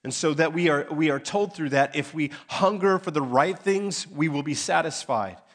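A man preaching from the pulpit in a church, with his voice sitting a touch higher than most men's. He slows down and leans hard on key phrases to drive them home. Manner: emphatic, dramatic pauses on key phrases. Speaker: pastor. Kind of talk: sermon. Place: church sanctuary.

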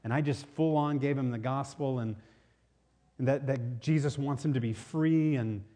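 A man preaching a sermon, telling a personal story in an animated way with many restarts. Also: mid-range voice, normal speed. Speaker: pastor.

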